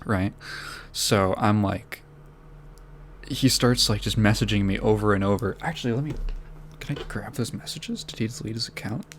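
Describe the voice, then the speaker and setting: A man's voice: lowish voice, a little hiss or hum. A man hosting a podcast, telling a story in a rambling, self-deprecating way, laughing often and swearing. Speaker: podcast host. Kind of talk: casual storytelling.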